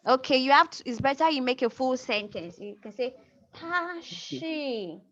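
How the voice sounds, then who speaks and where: Higher-voiced lady teacher on a video call, patient, repeats stuff, kinda muffled audio. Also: expressive, a little slow, a bit bright. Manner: patient, repeats and prompts students. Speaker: language teacher. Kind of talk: online class teaching.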